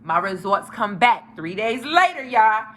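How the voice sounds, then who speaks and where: A young woman tells a story straight to her viewers in a bright, fairly high voice. She is animated and profane throughout. A faint room hiss sits under her voice. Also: a little slow. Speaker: vlogger telling a story. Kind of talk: casual storytime.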